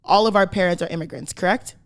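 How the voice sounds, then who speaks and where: A woman's voice: lowish voice, fast talker. Emphatic woman podcast host. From Canada. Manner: emphatic, tags points with "right?" and "okay?". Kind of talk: casual podcast chat.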